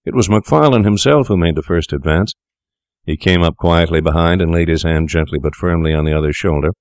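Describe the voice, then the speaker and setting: A man reading a classic tale aloud as narrator, steady and measured. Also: low voice, smooth, no echo, clean studio sound.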